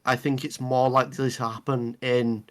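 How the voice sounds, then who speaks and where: A man's voice: medium pitch, level tone, normal speed, a bit bright. Guy gushing about a trailer on a podcast, mid voice, swears a fair bit. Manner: enthusiastic, laughs and swears often. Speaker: podcast co-host. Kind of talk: casual film chat.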